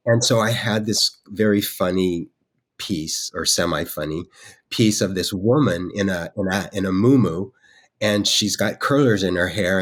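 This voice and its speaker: Male podcast guest, low-pitched, meandering storyteller, halting with fillers. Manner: rambling, with many restarts and fillers. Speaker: guest artist. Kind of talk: storytelling in conversation.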